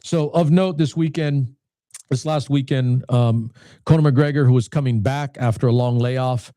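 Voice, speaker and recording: A man's voice: medium pitch, steady tone, moderate pace, warm tone, dry recording, clean studio sound. A man in his late fifties, a channel host, talking casually to his viewers in a rambling way with frequent restarts and repeated words. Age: 50s. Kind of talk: casual talk to camera.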